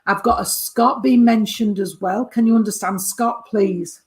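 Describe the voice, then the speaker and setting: This spiritualist medium speaks unhurriedly in a mid-range voice with fairly level intonation. Her reading is talkative and warm; she calls the sitter sweetheart or darling and checks again and again whether they understand.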